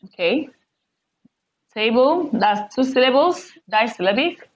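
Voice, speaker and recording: A woman teaching an online lesson. She speaks deliberately and repeats words for emphasis. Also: a little high, animated. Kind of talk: recorded online English lesson. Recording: dull lo-fi recording.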